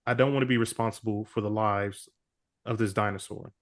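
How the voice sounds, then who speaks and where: A man's voice: on the low side, steady tone, a little fast, close to an everyday voice. A man voicing an earnest male hero captain speaking to his team during a tabletop game, in close to his own voice.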